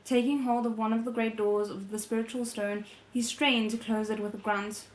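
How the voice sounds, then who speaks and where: A woman reads a novel aloud for a readalong. Her voice sits a little high, and she often stops to correct a word. She cuts in with amused comments on the story. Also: flat delivery, normal speed, a little hiss or hum, low-quality recording. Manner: reads aloud with laughing off-script asides and self-corrections. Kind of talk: casual novel readalong with asides.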